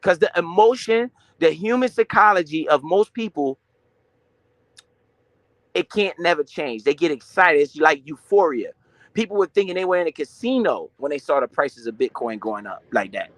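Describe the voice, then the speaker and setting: A young man with a high-pitched voice runs a finance live stream at a moderate pace, casual and slangy with plenty of swearing. He animatedly asks and answers his own questions, captured in a dry, close recording with no room echo.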